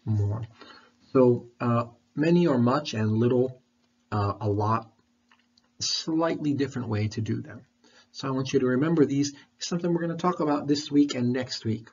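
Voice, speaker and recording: A man's voice: mid-range voice, moderate pace, a little mellow, breathy edge. A man teaching an online English lesson, talking patiently and repeating his questions, with a throat candy in his mouth. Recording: dull lo-fi recording.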